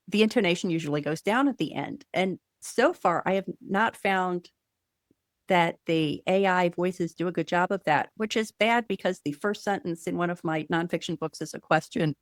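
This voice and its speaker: Lower-voiced woman host asking questions. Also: no room sound, clean studio sound. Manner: asks long, thoughtful questions. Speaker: podcast host. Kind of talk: casual interview.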